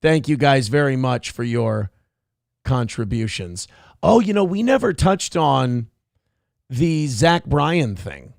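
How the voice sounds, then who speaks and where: A man's voice: medium pitch, expressive, slow pace, gravelly, a little mellow, no room sound, clean studio sound. Rambling, profane male show host. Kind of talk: casual livestream chat. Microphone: headphones on, desk mic.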